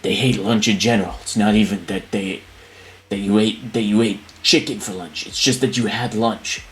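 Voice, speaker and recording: A man's voice: lowish voice, steady tone, normal speed, slight background noise, natural voice. Name: Rick. Man doing a cranky old cartoon scientist. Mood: scolding.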